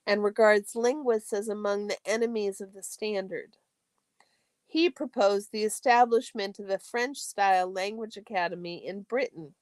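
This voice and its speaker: A woman reads a textbook aloud for a study stream. Her delivery is steady and careful, and she sometimes catches and corrects a stumbled word. Her voice sits in a middle pitch and comes across close and dry, with no room sound around it. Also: no room sound. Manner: steady, careful reading with occasional self-corrections.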